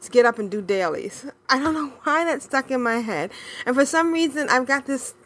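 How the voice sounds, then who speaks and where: A woman co-hosting a gaming podcast in casual chat, bubbly and excitable, laughing often. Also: high-pitched, a little fast, slight background noise. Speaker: podcast co-host.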